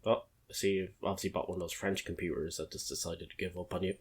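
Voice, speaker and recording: A man's voice: low-pitched, fairly even intonation, fast, breathy edge. A man co-hosting a podcast, joking, swearing and mocking himself in casual banter. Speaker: podcast co-host.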